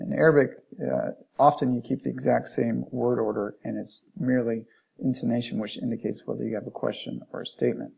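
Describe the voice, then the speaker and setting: Gravelly, mellow male Arabic teacher. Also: medium pitch. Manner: reads passages aloud, then restates them plainly, modeling Arabic phrases. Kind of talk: explaining textbook lesson. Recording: dull lo-fi recording.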